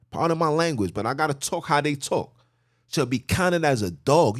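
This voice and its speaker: A man's voice: a little high, expressive, moderate pace, dry recording, clean studio sound. A man hosting a podcast, reading scripture aloud and preaching on it in a blunt, emphatic, repetitive, informal way. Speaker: podcast host teaching scripture.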